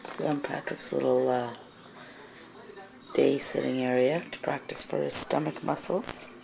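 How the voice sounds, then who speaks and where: A woman, a mother filming her children at home on a camcorder, gently scolding and cooing baby talk. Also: very deep voice, level tone, a little slow, creaky, a crowd in the background. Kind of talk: casual home-video narration and baby talk. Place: family home, indoors. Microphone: handheld camcorder.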